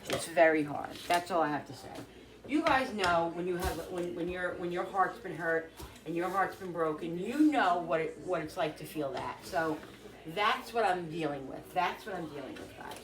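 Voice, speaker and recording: Woman cooking in her kitchen and rambling to viewers, lowish voice, kitchen clatter behind. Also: animated, normal speed, background noise. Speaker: cooking vlogger. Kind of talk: casual cooking vlog chat. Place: home kitchen.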